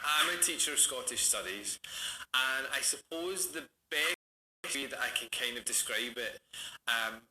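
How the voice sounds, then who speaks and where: A male teacher talks to camera in a school classroom, feeling his way through an explanation. The room sounds roomy and echoey. Loud noise fills the background. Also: medium pitch, a little slow. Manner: thoughtful, searching for words. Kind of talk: interview to camera.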